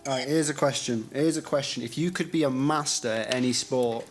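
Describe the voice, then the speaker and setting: A man's voice: mid-range voice, a little fast, faint music behind. A young man co-hosting a podcast, telling jokey stories in casual chat. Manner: joking, storytelling. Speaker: podcast co-host.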